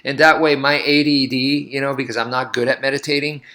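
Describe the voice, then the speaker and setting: Guy rambling on about martial arts stuff, loose and chatty, middle pitch. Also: fairly quick. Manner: rambling, animated storytelling with laughs. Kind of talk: casual monologue.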